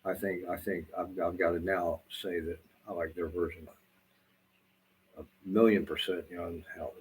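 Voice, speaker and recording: A middle-aged Southwest Florida man with a Southern accent rambles casually to the camera, meandering, swearing freely and using lots of fillers. His voice is low with fairly even intonation at a moderate pace. The rough recording has faint background noise.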